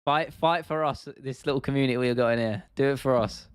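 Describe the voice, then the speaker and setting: A man's voice: medium pitch, fast, smooth, no echo. Casual guy hosting a livestream, loose chatty delivery, clean and close. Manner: relaxed, chatty, answers chat questions with laughs. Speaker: livestream host.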